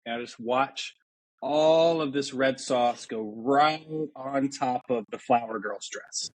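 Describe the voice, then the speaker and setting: A man with an average-pitched voice hosts a podcast chat. He tells a vivid story that pokes fun at himself. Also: slow, no echo. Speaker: podcast host.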